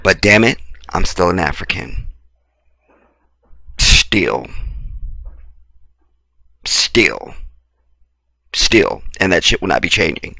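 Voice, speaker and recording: A man's voice: sits low, animated, measured pace, vocal fry, pauses often, sharp tone, no echo. An American man delivering an impassioned, profane commentary rant, blunt and preachy, hammering points by repeating himself. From United States. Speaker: video commentator.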